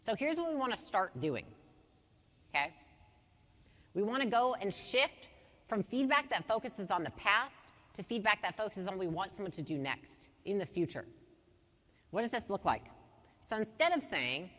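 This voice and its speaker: A woman in her thirties giving an energetic business workshop, blunt, swearing casually and asking her audience questions. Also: medium pitch, normal speed, pauses often, in a large hall. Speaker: business speaker teaching a workshop.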